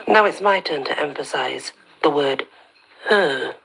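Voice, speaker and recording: Husky low-voiced woman reading a story. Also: measured pace, fairly bright tone, low-quality recording. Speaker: storyteller, channel host.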